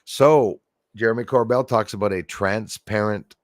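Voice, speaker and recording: Canadian man, low-voiced livestream host, dry close sound, gets worked up and near-shouts when excited. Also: moderate pace, no room sound. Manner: animated, exclaiming, builds to near shouts.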